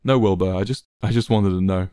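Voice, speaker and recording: A man voicing a calm, gentle young man who speaks steadily and softly in a read-aloud story. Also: deep voice, fairly quick, smooth, no room sound, studio quality, lightly acted.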